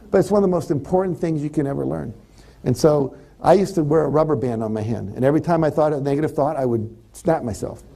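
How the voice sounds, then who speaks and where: A man giving a live motivational seminar, talking to the audience and acting out the thoughts people have. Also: on the high side. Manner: animated, acts out quoted thoughts. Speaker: motivational speaker.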